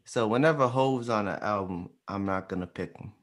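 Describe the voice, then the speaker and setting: A man's voice: on the low side, fairly quick. A man co-hosting a podcast in casual chat, rambling with laughing asides. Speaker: podcast co-host.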